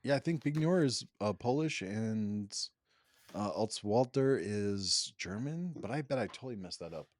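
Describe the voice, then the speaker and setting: Playful man, low voice, dry sound. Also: expressive, moderate pace, dry recording. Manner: playful, teasing banter. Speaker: podcast co-host. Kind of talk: casual chat.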